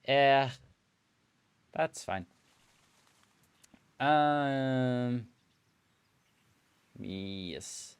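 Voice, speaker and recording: A man streaming a building game, musing aloud in relaxed commentary and filling pauses with hums and playful nonsense sounds. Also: mid-range voice, clean tone, dry recording. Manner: slow, musing talk to himself, hums and playful filler sounds.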